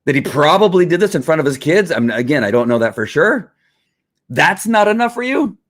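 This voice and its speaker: A man's voice: fairly high pitch, big pitch swings, a little fast. A man hosting a podcast, talking in heated, rambling political commentary, full of restarts and worked-up outbursts. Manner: fired-up, rambling, with frequent restarts. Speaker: podcast host.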